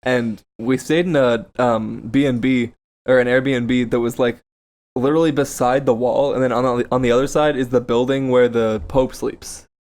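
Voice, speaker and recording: A young man with a Texan accent tells stories in a blunt, crude, easygoing way. His voice sits at an ordinary mid pitch. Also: fairly even intonation, moderate pace, darkish tone. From Texas. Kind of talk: casual chat.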